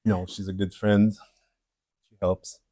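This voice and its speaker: A woman's voice: a bass voice, flat delivery, slow, mellow, dry recording, studio quality. A woman co-hosting a podcast in casual chat, making self-mocking, jokey complaints. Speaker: podcast co-host.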